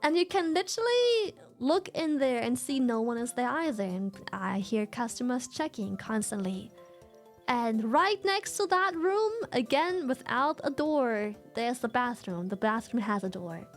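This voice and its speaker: A woman streamer chatting casually, telling a story in an animated, profane way and laughing often. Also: a little high, measured pace, soft background music. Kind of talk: casual livestream chat.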